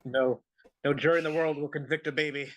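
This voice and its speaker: A man's voice: fairly high pitch, steady tone, quick pace, fairly bright tone. A man co-hosting a casual podcast, cracking jokes. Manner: joking, wisecracking. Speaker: podcast co-host.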